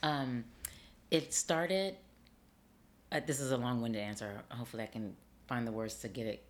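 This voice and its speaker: Very low-voiced woman, animated storyteller. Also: moderate pace. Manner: animated storyteller, acts out quoted dialogue. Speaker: actor and acting teacher, guest. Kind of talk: casual interview chat.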